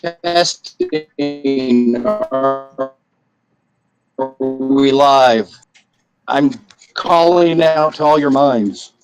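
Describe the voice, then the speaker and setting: A man describing his character's actions in a tabletop game, in a slow, hesitant way. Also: mid-range voice, soft background music, poor audio. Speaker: player.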